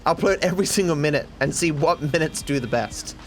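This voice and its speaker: This gaming streamer's voice sits a little high, and he talks in an animated, slightly fast way against a noisy background. Cursing often and making fun of himself, he keeps up a joking livestream commentary aimed at his chat.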